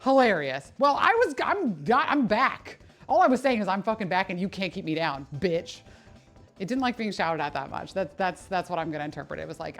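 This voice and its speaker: A woman's voice: mid-range voice, fairly quick, soft background music. A woman who works as a personal trainer, chatting casually and swearing on a live stream while she exercises, laughing at herself often. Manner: animated, swearing, self-mocking, laughs often.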